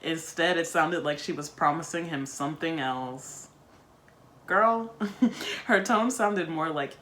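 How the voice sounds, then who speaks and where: A woman's voice: deep voice, slow pace, a bit bright, slight background noise. A woman reading a book aloud on her video channel and breaking off for chatty, wry asides. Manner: chatty, wry asides between read passages. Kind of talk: casual chat while reading a book aloud.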